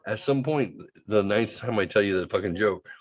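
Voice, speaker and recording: A man's voice: fairly low pitch, moderate pace, no room sound. A man co-hosting a casual comedy chat show, telling a rambling story, acting out what people said and laughing often. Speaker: co-host.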